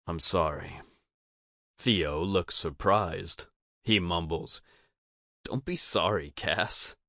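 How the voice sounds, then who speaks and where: A man reads a first-person audiobook in a steady, even storytelling manner. His voice sits very low and his pace is unhurried. The recording is dry and close on the mic. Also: dry recording.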